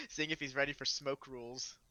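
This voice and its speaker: A man's voice: medium pitch, sing-song, normal speed, pushed and bright. A man playing a tabletop game, joking casually with his group and stumbling over his words. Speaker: player.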